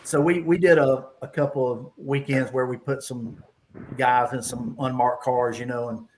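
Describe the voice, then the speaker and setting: A man's voice: medium pitch, fairly even intonation, moderate pace, darkish tone, a little hiss or hum, poor audio. A man hosting a casual hangout and telling rambling police stories, laughing as he goes. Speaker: host. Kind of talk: casual storytelling, police anecdotes.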